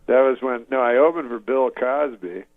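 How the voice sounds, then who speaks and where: A male comedian guest telling a meandering story in a relaxed, chuckling way. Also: mid-range voice, moderate pace, no room sound. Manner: meandering, laid-back, chuckling asides. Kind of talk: rambling storytelling. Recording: dull lo-fi audio.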